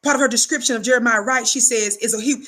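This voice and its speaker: A woman speaks in a high, bright, forceful voice. She delivers impassioned commentary like a preacher, indignant and calling on her listeners to answer back. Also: steady tone, fast. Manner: preachy, indignant, call-and-response.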